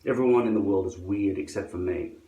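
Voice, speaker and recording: Talking to camera, a man demonstrates putting on his hairpiece, his commentary sardonic, grumbly, and laced with profanity. He has a low, mellow voice and speaks fairly quickly, recorded from a distant mic in a room with echo.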